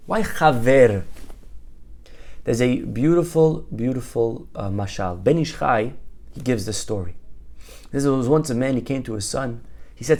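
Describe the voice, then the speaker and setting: Gravelly, animated male rabbi. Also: mid-range voice, a little slow. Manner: animated, switches voices for story figures, asks rhetorical questions. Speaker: rabbi teaching a Torah class. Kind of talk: storytelling Torah lesson.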